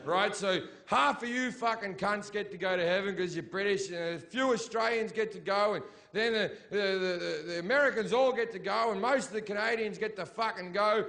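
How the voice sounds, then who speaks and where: Male stand-up comic, high-pitched and profane, live stage set, faint hiss under him. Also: brisk, creaky, hardly any pauses, some chatter behind. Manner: crude, provocative, swears constantly, builds into mocking shouted rants. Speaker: stand-up comedian. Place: live comedy stage in Britain.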